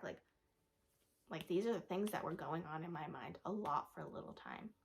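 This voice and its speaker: A young woman vlogger telling a personal story in a soft, rambling way, often dropping to a whisper. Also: low voice, moderate pace, gravelly. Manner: rambling, full of "like" and "da, da, da".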